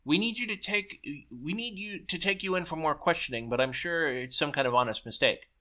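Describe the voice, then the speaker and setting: A man's voice: fairly high pitch, fairly quick, sharp tone. A man voicing a stern, suspicious soldier officer with clipped questioning.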